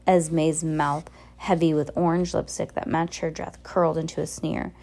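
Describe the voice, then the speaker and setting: A woman reading a novel aloud as an audiobook, at a steady pace. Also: low voice, normal speed, creaky. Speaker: audiobook reader. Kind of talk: audiobook narration.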